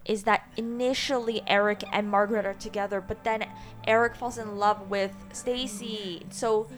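Young female co-host, animated and talky, watch-along chat with film music underneath. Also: mid-range voice, normal speed. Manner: animated, interrupting, rambling. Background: film soundtrack music.

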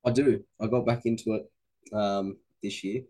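Laid-back Australian man, low husky voice. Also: fairly even intonation, measured pace, mellow. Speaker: podcast guest. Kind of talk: casual sports chat.

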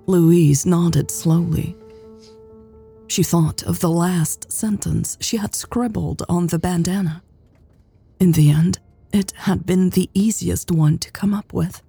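A woman narrating a romance audiobook in a slow, hushed, measured reading. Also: lowish voice, gravelly, husky, dry recording, faint music behind.

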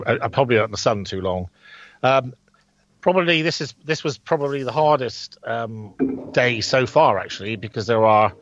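A man's voice: lowish voice, dry recording, dull audio. A man chatting casually as co-host, hesitant, with many fillers and restarts. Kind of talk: casual chat.

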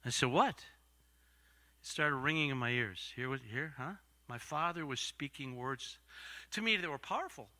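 An older man preaching a storytelling sermon, swinging from loud acted-out voices to hushed asides. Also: mid-range voice, normal speed. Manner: dramatic swings from loud to whispered.

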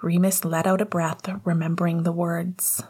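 A woman reading a story aloud in a hushed, intimate whisper. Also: lowish voice, level tone, normal speed, husky. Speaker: audiobook narrator. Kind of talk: soft whispered fan fiction reading.

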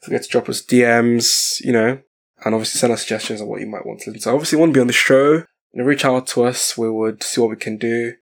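A man with a gravelly, creaky edge hosts a podcast in easygoing chat. He is laid-back and swears casually. His pitch sits in a middle range. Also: fairly even intonation, quick pace. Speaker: podcast host.

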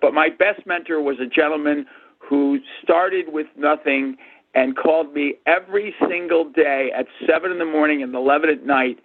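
A man in his sixties, a guest in an interview, telling animated stories about his past and acting out what others said. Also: fairly high pitch, slightly rough. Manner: animated storyteller, acts out quotes. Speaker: guest, art and antique dealer. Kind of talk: storytelling interview answers. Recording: tinny phone-line audio.

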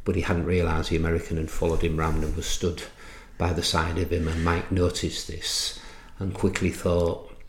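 Deep-voiced man telling stories, echoey room. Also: level tone. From England. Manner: anecdotal, halting with restarts and fillers. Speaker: entrepreneur and author. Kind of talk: storytelling in a podcast interview.

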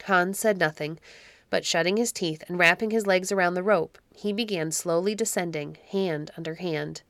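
A woman with a lowish voice reads an old storybook aloud in a measured, even way. The sound is close and dry, with no room echo. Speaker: narrator and podcast host. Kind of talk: storybook narration.

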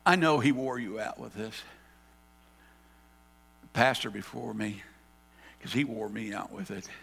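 A male pastor preaching a sermon, telling the story dramatically and swinging between loud and hushed. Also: lowish voice, a little slow, creaky, slightly rough, in a large hall. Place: church sanctuary.

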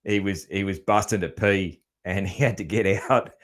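Laid-back Australian man hosting a chat. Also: sits low. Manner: easygoing, laughs often, drawn-out fillers. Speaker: podcast host. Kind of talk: casual interview chat.

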